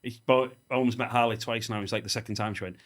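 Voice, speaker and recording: A man's voice: medium pitch, steady tone, rapid-fire, a bit bright. A man, hosting a podcast in chatty, casual talk with slang and the odd swear word. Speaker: podcast host. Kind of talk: casual interview chat.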